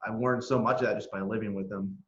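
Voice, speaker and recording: A young man telling stories as a podcast guest, animated and a little profane. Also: on the low side, quick pace, roomy sound, highs cut off. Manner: animated, profane, acts out quotes. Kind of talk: casual storytelling in conversation.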